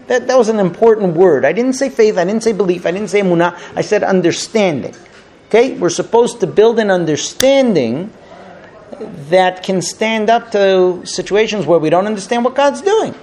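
A man with a fairly high voice leads a group through a storytelling Torah lesson outdoors. He keeps throwing rhetorical questions at his listeners to pull them in. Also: a little mellow, slight background noise. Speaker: Torah teacher guiding a group. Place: outdoors at a holy site.

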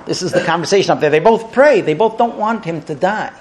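A man telling a Torah lesson to a group outdoors, animated and full of rhetorical questions. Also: sits high, fast talker. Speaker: Torah teacher guiding a group. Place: outdoors at a holy site.

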